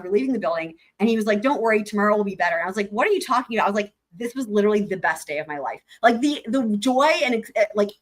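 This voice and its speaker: A woman hosting a casual livestream, chatting to her viewers as she tells a story, swearing freely and reading out chat comments. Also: fairly high pitch. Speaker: livestream host.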